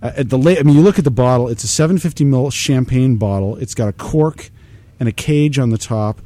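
A man talks through a beer tasting in a relaxed, knowledgeable way, wandering off on tangents and filling pauses as he goes. His voice is mellow and dark, at an ordinary middle pitch. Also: no room sound. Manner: knowledgeable, explanatory, rambling with fillers. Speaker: beer tasting show host. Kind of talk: casual beer tasting chat.

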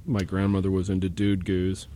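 A man jokes his way through a beer tasting with friends, quick with a laugh. His voice sits a little low. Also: monotone, warm tone. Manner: joking, laughs often. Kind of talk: casual beer tasting chat.

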